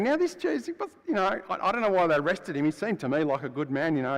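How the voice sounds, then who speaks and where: A preacher speaks as Barabbas, a rough, blunt adult male prisoner who was freed, narrating his own story in a first-person dramatic monologue. His manner is chatty, shifting from loud to hushed, and his natural voice sits a little high. The church's long hall reverb fills the recording.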